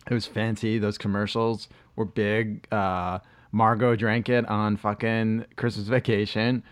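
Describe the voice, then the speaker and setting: A man's voice: on the low side, flat delivery, measured pace. Rambling, profane man. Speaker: podcast co-host. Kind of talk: casual chat.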